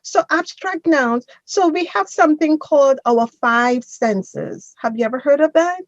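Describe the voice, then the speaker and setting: A woman's voice: sits high, lively intonation, a little slow, no echo, highs cut off. A woman teaching a grammar class, patiently correcting a student and drilling pronunciation. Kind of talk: online class instruction.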